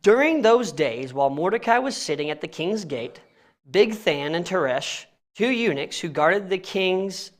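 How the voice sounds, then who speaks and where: A man's voice: high voice, creaky. A young man reading scripture aloud and teaching it casually in a church, often stumbling over names and laughing at himself. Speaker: Bible study teacher.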